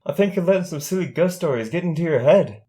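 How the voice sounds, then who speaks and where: Guy doing a high country pony mare, calm and folksy, big sister vibe. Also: quick pace, natural voice. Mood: reassuring. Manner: folksy drawl, calming.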